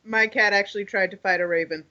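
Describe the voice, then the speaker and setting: A woman's voice: mid-range voice, fairly even intonation, fast talker, sharp tone, muffled recording. A woman chatting casually on a stream, laughing often and giving short reactions. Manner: giggly, brief reactions. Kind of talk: casual chat.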